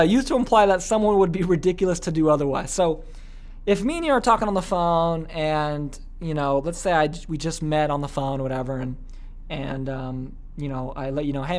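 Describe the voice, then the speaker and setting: A man teaching a sales training lesson, energetic and often checking in with "okay?". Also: a little high. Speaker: business coach.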